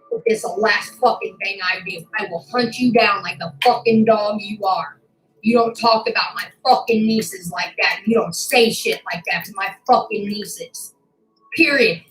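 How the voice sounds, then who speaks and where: A female YouTuber rants to camera in fury, swearing and making threats, close to tears with anger. Her voice is medium in pitch, and the low-quality recording sounds echoey.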